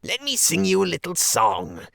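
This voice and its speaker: A man voicing a squeaky pompous weasel chief. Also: huge pitch swings, moderate pace, creaky, fairly bright tone, no echo, clean studio sound, full character voice. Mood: mocking. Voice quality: high and squeaky.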